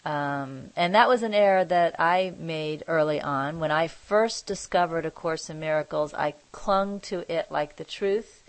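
Low-voiced woman teaching slowly. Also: no room sound, rough recording. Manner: measured, thoughtful, pauses to search for words. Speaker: spiritual teacher leading an online group. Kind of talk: reflective spiritual teaching.

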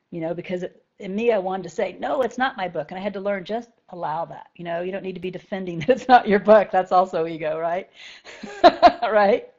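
A woman's voice: lowish voice, a little mellow. Conversational woman teacher, slightly muffled. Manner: conversational, often asks "right?". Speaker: spiritual teacher. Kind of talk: talk to a group of students.

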